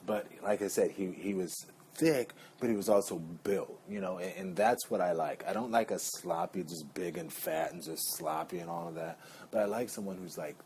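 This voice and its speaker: Low-voiced man chatting on tangents. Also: big pitch swings, moderate pace, vocal fry, a little mellow, a little hiss or hum. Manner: chatty, rambling, playful asides. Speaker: vlogger. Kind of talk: casual chat.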